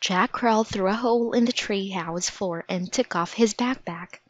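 A woman reading a children's storybook aloud in a gentle, measured way. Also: medium pitch, dry recording. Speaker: narrator. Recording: dry, slightly dull audiobook recording.

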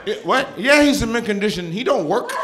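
A sassy, tipsy mother in her fifties roasts her son, played by a male stand-up comedian. Her voice sits high and loud, and her tone is mocking. Crowd laughter from a live stand-up show fills the gaps. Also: a little fast, very noisy, close to an everyday voice.

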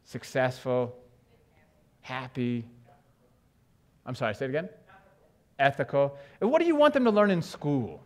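A man from New York giving an animated conference talk on stage, joking with the audience and asking it questions. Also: mid-range voice, a little slow, pauses often. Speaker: education speaker.

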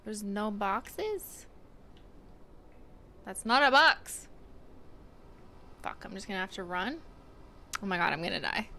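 A woman's voice: medium pitch, lively intonation, normal speed, vocal fry, long pauses, bright, forceful tone, a little hiss or hum. A woman streaming a game live, chatting casually, swearing a lot and breaking into anxious squeals. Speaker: livestreamer. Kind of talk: casual gameplay commentary. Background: game music.

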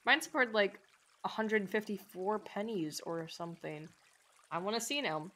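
A young woman streamer chatting casually with viewers while playing, rambling with lots of "like" and quick laughs. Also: mid-range voice, fairly bright tone. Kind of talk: casual gameplay chat with viewers.

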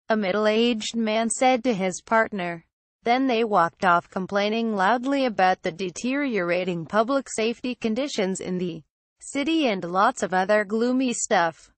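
A woman narrating a first-person horror story in a calm, measured storytelling voice. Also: mid-range voice, no echo.

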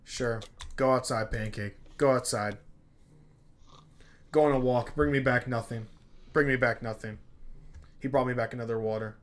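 A male gaming YouTuber narrates his run in a mid-pitched voice, coaxing and begging the characters on screen. He repeats each line, swinging between soft pleading and excited outbursts. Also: normal speed, long pauses. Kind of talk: let's play commentary.

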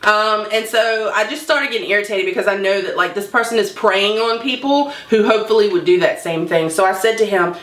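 A woman's voice: medium pitch, brisk, few pauses, a bit bright. Chatty woman in an echoey room. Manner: candid, chatty, wry. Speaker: vlogger. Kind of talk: storytelling to camera.

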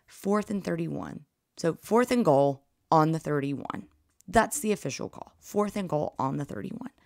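Excitable low gravelly woman. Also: no echo, studio quality. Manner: excitable, animated storytelling. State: nearly losing her voice. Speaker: podcast host. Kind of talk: casual sports recap.

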